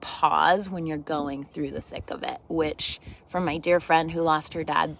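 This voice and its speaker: A woman's voice: deep voice, steady tone, measured pace, vocal fry, rough recording. A woman fitness instructor giving a reflective, encouraging talk during a workout class, building on repeated phrases. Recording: loud background noise with clicks.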